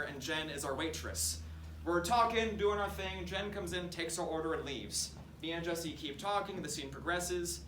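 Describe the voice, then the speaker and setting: A young man doing stand-up storytelling on stage, animated and self-mocking. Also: fairly high pitch, a little hiss or hum. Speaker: stand-up comedian. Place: comedy stage before an audience. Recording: roomy stage, far mic, loud laughter. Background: audience laughter.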